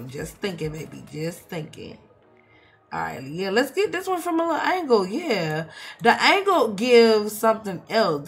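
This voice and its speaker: A woman giving casual, profane commentary while playing a life-sim game, shifting from mumbling to outbursts. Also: medium pitch. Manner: chatty, swears, swings from mumbling to loud outbursts. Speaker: let's play streamer.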